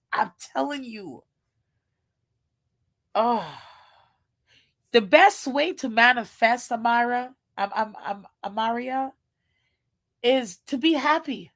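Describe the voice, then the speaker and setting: A woman in casual chat, animated and gushing, with informal slangy speech and lots of exclamations. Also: on the high side.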